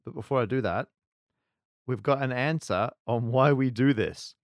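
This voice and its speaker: A man's voice: mid-range voice, moderate pace, dry recording, studio quality. A man co-hosting a podcast in casual chat, giggly and self-mocking. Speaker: podcast co-host.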